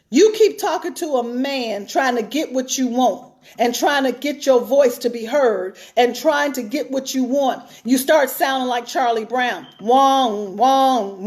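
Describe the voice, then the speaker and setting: High-voiced woman preaching with emphasis. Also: darkish tone. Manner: emphatic, repeats phrases for stress. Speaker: pastor. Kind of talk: sermon-style teaching talk.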